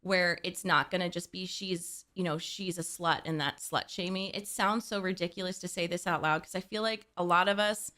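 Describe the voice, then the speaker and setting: A young woman hosting a reaction video, talking casually in an excitable way and often laughing and swearing. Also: fairly low pitch, normal speed, few pauses.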